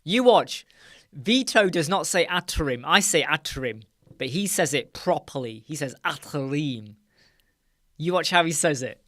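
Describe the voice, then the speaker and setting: A man's voice: fairly high pitch, lively intonation, moderate pace, fairly bright tone, no echo. Casting note: male host, chatty and jokey, very dry close sound. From United Kingdom. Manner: chatty, jokey, reads viewer comments aloud and laughs often. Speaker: host of a live chat. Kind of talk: casual live-stream chat. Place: dark room with soundproof panels.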